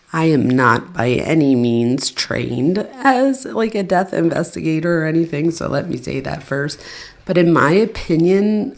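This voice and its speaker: A woman hosting a live true crime commentary stream from home, chatting casually with viewers. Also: low voice. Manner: chatty, addresses viewers as "you guys".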